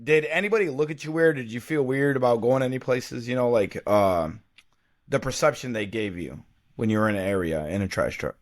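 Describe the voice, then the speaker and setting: A man's voice: medium pitch, brisk. A man hosting a podcast, asking a guest questions in a laid-back, casual way. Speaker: podcast host. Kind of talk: casual interview.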